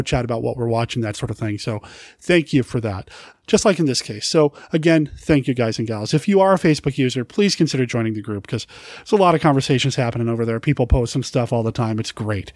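A man's voice: a little high, no echo, clean studio sound. A man hosting a podcast, thanking his listeners in a friendly, rambling way. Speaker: podcast host. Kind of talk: casual podcast intro.

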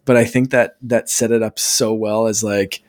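A man's voice: fairly low pitch, fairly even intonation, normal speed. Easygoing male podcast host. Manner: easygoing, steers the talk, chuckles while recounting. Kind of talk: casual podcast chat.

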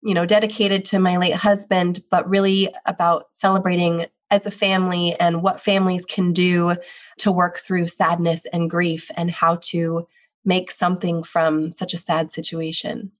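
A woman's voice: fairly low pitch, little pitch movement, normal speed. A woman, a widowed mother and children's book author, answering interview questions in an earnest, open way. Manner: earnest, open, repeats phrases like "the reality is".

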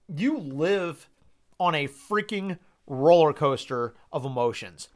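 This podcast host is a young man whose fairly high, expressive voice moves slowly. He delivers a casual monologue of football picks, rambling and exasperated, dropping casual swear words along the way.

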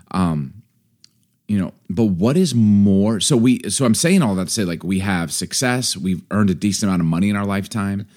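A man in his forties co-hosting a casual chat, animated and excitable, voice jumping high when worked up. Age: 40s. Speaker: podcast co-host and pastor.

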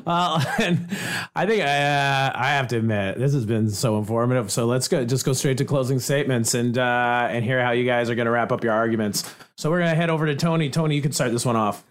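A man moderating a comedy debate, speaking hesitantly with many pauses and laughing often. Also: mid-range voice.

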